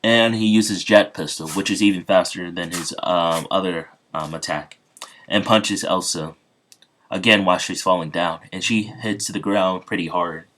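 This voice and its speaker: A man's voice: low-pitched, steady tone, moderate pace, a bit bright. A man casually retelling a fan story, rambling with many fillers.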